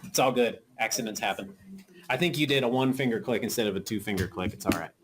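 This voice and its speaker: A woman's voice: very deep voice, quick pace, slight background noise. A woman teacher giving patient, coaxing instructions to a class of children in a school classroom. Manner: patient, coaxing, frequent okay checks.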